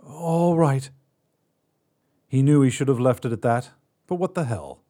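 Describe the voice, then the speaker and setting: Mellow-voiced man narrating a story. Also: mid-range voice, animated. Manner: measured, dropping quiet on sad beats. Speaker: podcast host and narrator.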